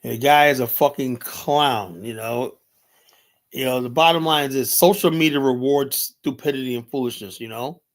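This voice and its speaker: A man's voice: medium pitch, moderate pace. Middle-aged male streamer, mid-range voice, rambling profane rants, leans on "you know" constantly. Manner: blunt and heated. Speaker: livestream host. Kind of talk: unscripted livestream commentary.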